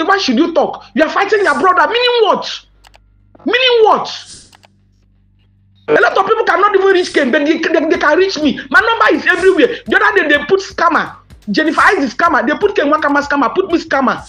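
A woman's voice: extremely high pitch, bright, forceful tone. A woman with a Nigerian accent speaking to subscribers in an impassioned monologue, emphatic and mixing Pidgin and English, with outraged questions.

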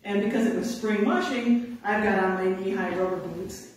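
A woman spins outdoor stories for a live audience, bringing the quotes to life and laughing along. She sits at a middling pitch, heard from some way off the mic in a very echoey room. A faint hiss stays under her voice. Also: moderate pace, recorded from a distance. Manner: animated, laughing, acts out quotes. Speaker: conservation officer giving a talk. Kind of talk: storytelling to an audience. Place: indoor talk venue.

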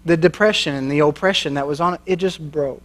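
A man's voice: on the high side, fast. A man preaching a sermon in a church, telling a story in a folksy, joking way and laughing at his own lines. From American Midwest.

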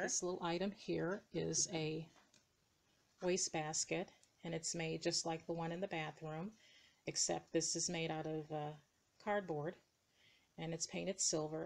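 A woman with a deep, creaky, fairly bright voice shows her dollhouse rooms in hesitant, casual show-and-tell full of ums and uhs. She's indoors by the dollhouse, the camera mic moved by hand, with slight background noise.

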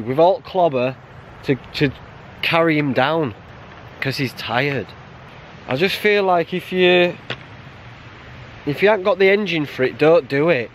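Guy vlogging on a mountain, slightly high voice, chatty, laughs a lot, faint noise around. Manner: blunt, chatty, laughs often. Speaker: hiker vlogger. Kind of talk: casual outdoor vlog chat. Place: outdoors on a mountain trail.

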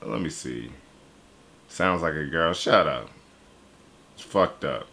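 Deep, lively young man reacting. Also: takes it slowly. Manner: loose, profane, animated talk with laughs. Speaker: YouTube reaction host. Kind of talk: casual reaction commentary.

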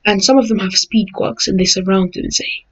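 A woman narrating a fan-made story in a relaxed, rambling way, stringing events together and fixing slips as she goes. Her pitch sits in a middle range, and the audio is slightly dull and lo-fi. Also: brisk. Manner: rambling, loose retelling with "and" chains and self-corrections. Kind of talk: casual fan-fiction narration.

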